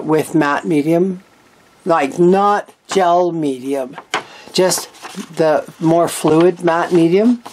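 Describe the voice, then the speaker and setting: Craft-channel host, woman, deep-ish voice, unhurried, chatty and rambling with candid asides, faint hiss behind her. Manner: chatty, meandering, frank asides. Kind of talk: casual craft show-and-tell.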